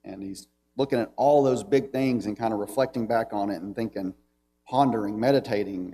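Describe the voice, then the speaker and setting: A low-voiced man with a Southern American accent teaches a church Bible class in a relaxed, conversational way. He reads scripture aloud with emphasis in a mellow, warm tone. A faint hum sits under the recording. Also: a little fast.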